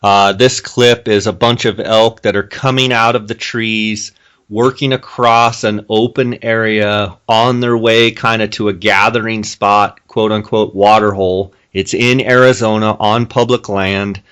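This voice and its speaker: A man's voice: fairly low pitch, steady tone, unhurried, a bit bright, clean tone. A man hosting a podcast interview who talks casually, often restarts his sentences and asks leading questions. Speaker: podcast host.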